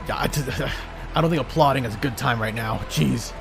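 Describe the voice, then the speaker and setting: A man doing casual gameplay commentary as a streamer, reacting excitably and laughing often. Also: medium pitch, normal speed, gravelly, over music.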